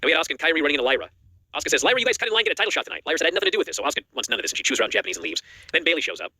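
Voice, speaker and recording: Guy rattling off a wrestling recap super fast, bright sharp voice, dry close sound. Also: a little high, gravelly, no room sound. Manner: rapid animated recap, acts out quotes. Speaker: wrestling news co-host. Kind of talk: casual recap chat.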